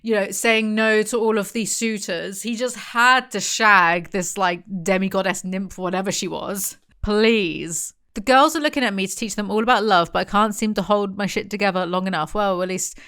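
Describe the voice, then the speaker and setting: A woman's voice: medium pitch, normal speed, few pauses, fairly bright tone. A young woman chatting casually and sarcastically as she reacts to song lyrics, swearing and laughing as she goes.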